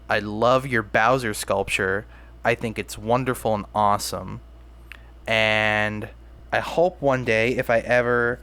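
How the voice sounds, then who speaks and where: Young man, solo podcast host, casual rambling, self-deprecating, stumbles and restarts, somewhat low voice. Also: sharp tone.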